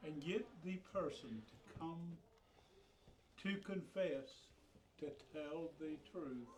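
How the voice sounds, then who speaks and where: Older man, class member; folksy storyteller with a slightly higher voice. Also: poor audio. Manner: folksy storytelling, plain homespun phrasing. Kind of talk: casual class discussion.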